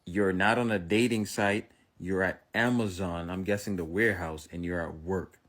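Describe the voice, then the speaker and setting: A man's voice: deep voice, fairly even intonation, moderate pace, fairly bright tone. A man reacting to a clip who lectures and hands out advice in mock disbelief. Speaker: commentator. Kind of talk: reaction commentary.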